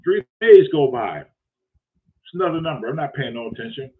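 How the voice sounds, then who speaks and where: A man's voice: mid-range voice, very animated, normal speed. A man hosting a show, telling a story casually with lots of profanity and acting out both sides of a conversation. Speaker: host. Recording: phone-like lo-fi audio.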